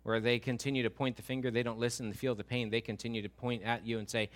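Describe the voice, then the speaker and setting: A man's voice: on the low side, fairly even intonation, fast talker. A male pastor giving a conversational, emphatic sermon and asking his listeners questions.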